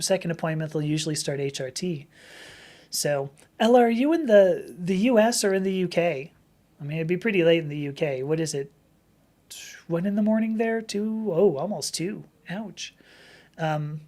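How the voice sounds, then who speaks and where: Chatty woman with a slightly rough voice. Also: on the low side, darkish tone. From Southern California. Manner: rambling, chatty storytelling with many restarts. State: slightly rough voice from long talking. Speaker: live stream host. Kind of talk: casual live-stream chat reading viewer comments.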